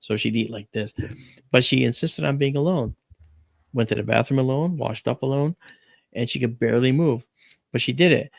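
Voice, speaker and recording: A man's voice: mid-range voice, moderate pace, gravelly, long pauses, dry recording. A man hosting a talk stream, chatting casually and telling a family story with lots of animation. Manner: animated storyteller, acts out quoted voices. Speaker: podcast host.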